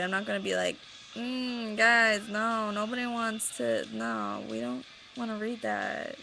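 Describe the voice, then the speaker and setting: A woman's voice: medium pitch, vocal fry, sharp tone, a little hiss or hum, rough recording. A young woman ranting casually to her webcam at home, rambling and sarcastic with lots of filler words. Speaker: vlogger.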